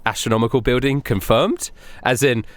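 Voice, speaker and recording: A young European man with a mid-range voice co-hosts a podcast at normal speed, rambling through travel anecdotes in casual chat. He laughs and acts out other people's lines.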